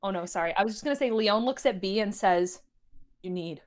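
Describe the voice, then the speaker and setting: A woman playing a tabletop game, lively and laughing, quick with in-character asides. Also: medium pitch. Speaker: player. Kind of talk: tabletop role-play.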